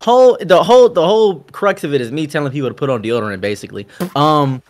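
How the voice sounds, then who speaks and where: A man with a somewhat high voice tells stories in a relaxed, chatty way. He acts out the people he quotes with animated voices, like a content creator recounting a convention panel. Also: quick pace. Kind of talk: casual storytelling chat.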